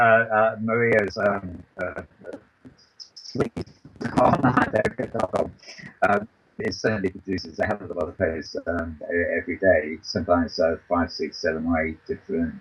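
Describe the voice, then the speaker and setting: A podcast host runs through a news roundup for his talk show via a computer voice call, frequently stumbling with ums and starting over. He has a low, slightly rough voice with a fairly bright tone, and the recording sounds muffled.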